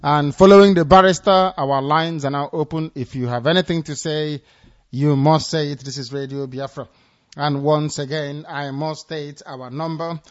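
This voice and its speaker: A man hosting a radio phone-in show, briskly thanking the caller and reading out contact numbers. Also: fairly high pitch, fairly even intonation, muffled recording. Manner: brisk, announces phone lines. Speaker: radio host.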